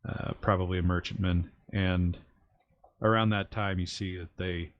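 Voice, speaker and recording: A man narrating a tabletop game as game master, his lowish voice gravelly with fry. He explains rules in a halting way with plenty of fillers. The mic sounds dull and lo-fi, dry with no room sound. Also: steady tone, no echo.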